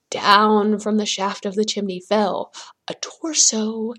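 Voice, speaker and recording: Slow, breathy woman telling a folktale. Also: mid-range voice, flat delivery, fairly bright tone. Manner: dramatic, dipping into whispers for suspense. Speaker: podcast host and storyteller. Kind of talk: storytelling a folktale.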